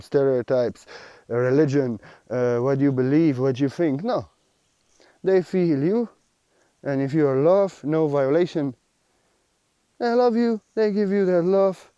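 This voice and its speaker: A man's voice: a little high, mellow, smooth, no echo. A man giving a spiritual teaching monologue, earnest and repetitive, with slightly unidiomatic phrasing.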